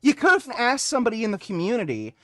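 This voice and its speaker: A man hosting a livestream, ranting loudly and mockingly, swearing constantly as he reacts to a video. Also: high-pitched, wildly swooping pitch, fast, no room sound, studio quality. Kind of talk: profane angry rant.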